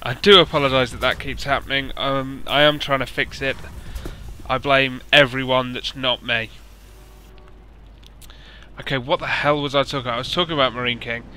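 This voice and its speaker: A young man hosting and commentating a video game match in a chatty, rambling way, with dry self-mocking humour and a slightly hoarse voice. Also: mid-range voice, steady tone, moderate pace, long pauses, sharp tone, slight background noise, rough recording.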